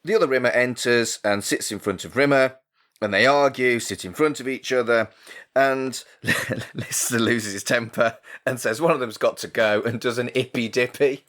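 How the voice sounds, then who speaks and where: A man's voice: mid-range voice, moderate pace, a bit bright. A man with an ordinary mid-range voice co-hosts a podcast. He chats casually and breaks into giggles easily. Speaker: podcast co-host. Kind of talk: casual chat.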